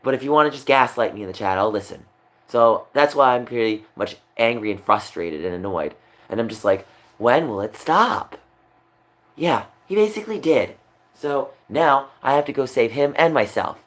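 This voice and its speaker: A man's voice: mid-range voice, expressive, normal speed, a bit bright. A young man on a livestream, talking upset and rambling, repeating himself. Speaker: streamer. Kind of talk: emotional livestream monologue.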